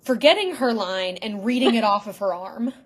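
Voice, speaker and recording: A woman's voice: mid-range voice, animated, normal speed. A young adult woman co-hosting a podcast who chimes in with short comments and laughs during a casual episode recap. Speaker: podcast co-host.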